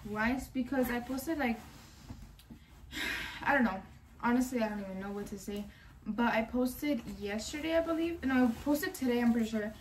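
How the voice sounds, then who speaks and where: A woman's voice: high-pitched, a little hiss or hum. Chatty young woman vlogging on her phone. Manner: rambling, chatty, self-described yapper. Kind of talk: casual vlog chat to camera. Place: at home. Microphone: phone camera.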